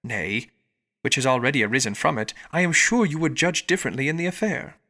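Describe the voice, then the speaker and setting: A male narrator voicing a sensible young woman pleading earnestly and deliberately. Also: medium pitch, lively intonation, sharp tone.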